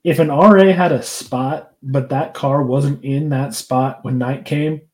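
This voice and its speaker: A man co-hosting a podcast, chatting casually, laughing often and sharing quick opinions. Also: mid-range voice, fairly even intonation, a little mellow. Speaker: podcast co-host. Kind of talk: casual chat.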